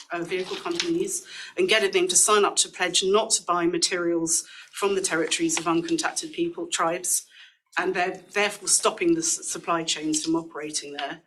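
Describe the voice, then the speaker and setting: A woman campaigner giving a seminar presentation in an earnest, slightly halting manner. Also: on the low side, steady tone, sharp tone, slight background noise, rough recording.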